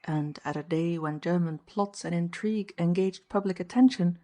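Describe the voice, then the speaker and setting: A woman narrating an old crime novel in measured, even scripted narration. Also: on the low side. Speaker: audiobook narrator.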